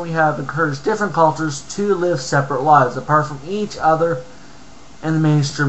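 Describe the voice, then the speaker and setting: A man with a somewhat high voice reads an article aloud and keeps cutting in with heated, profane rants. There is a faint hiss of noise behind him. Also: fairly bright tone, poor audio. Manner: profane, ranting, interrupts his own reading. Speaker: commentator reading and reacting to an article. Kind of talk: angry ranting commentary.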